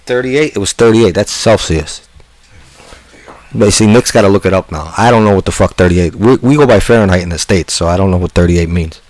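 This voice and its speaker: A man's voice: low voice, fairly quick, a little mellow, no echo. A man from western New England co-hosting a casual livestream chat, blunt and swearing freely. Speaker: livestream co-host.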